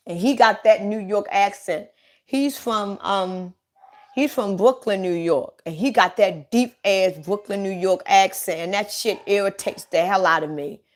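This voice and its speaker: A woman's voice: on the high side, fairly bright tone. A middle-aged woman chatting casually on a livestream, telling blunt, profane stories straight to her viewers.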